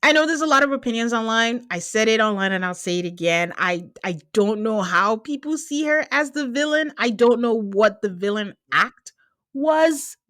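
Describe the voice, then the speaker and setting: A woman's voice: fairly high pitch, no room sound. Chatty woman recapping a show. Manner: animated recapping, quick asides, laughing. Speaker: podcast host. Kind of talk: casual chat.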